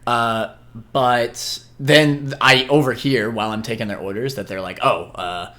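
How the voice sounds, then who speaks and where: A young man on a casual podcast who tells stories at a steady pace, with a lot of "uh" and "like". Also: mid-range voice, measured pace. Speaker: podcast co-host.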